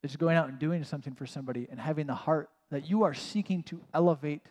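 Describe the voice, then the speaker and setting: A man's voice: fairly high pitch, fast, darkish tone. A man preaching a conversational sermon as a pastor, casual and self-mocking, with many "like" asides. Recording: long reverb of a large hall.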